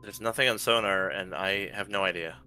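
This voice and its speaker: Low-voiced man narrating as game master. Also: brisk, slight background noise. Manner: relaxed, matter-of-fact narration with fillers.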